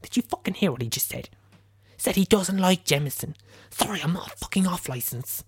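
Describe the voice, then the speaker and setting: A man's voice: sits high, lively intonation, a little fast, husky, dry recording, full character voice. A man playing a seething partygoer who mutters and hisses under his breath while he tries to hold back his anger. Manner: hissing, muttered, whispered.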